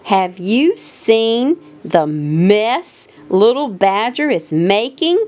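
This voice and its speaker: Woman reader as mother rabbit: gentle, encouraging storybook parent, soothing, very slow. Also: mid-range voice, very animated.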